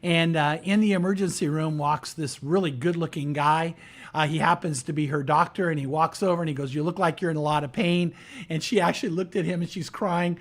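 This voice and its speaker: A man preaching from the pulpit, telling a story in a chatty, animated way. His voice sits a little higher than most men's and climbs further whenever he voices the people in his story. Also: a little fast. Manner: conversational, animated, raises pitch for quoted characters. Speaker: pastor. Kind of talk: storytelling sermon.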